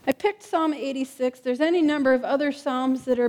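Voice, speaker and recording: A woman pastor delivers a heartfelt sermon in a church. Her voice sits high, and she leans on repeated words and asks "right?" to pull the room in. On tender lines she slows down and goes quiet. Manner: drops soft and slow on emotional lines.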